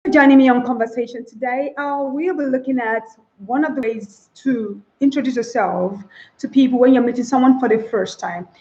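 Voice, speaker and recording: A woman with a fairly high voice gives a spoken English lesson, acting out greeting phrases and repeating them with exaggerated tone. The recording sounds dull and lo-fi. Her voice rings in an echoey room. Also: moderate pace, darkish tone. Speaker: English teacher.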